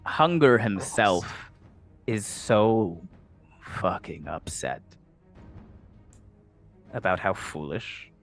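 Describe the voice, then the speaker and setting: Male game master, unhurried delivery, low-set voice, faint music underneath. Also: animated, vocal fry, a bit bright. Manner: slow, low-key narration with put-on character voices. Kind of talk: narrating a tabletop game.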